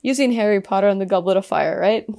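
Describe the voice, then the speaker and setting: A woman's voice: medium pitch, quick pace, warm tone. Giggly young woman telling a story. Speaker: podcast co-host. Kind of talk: casual chat.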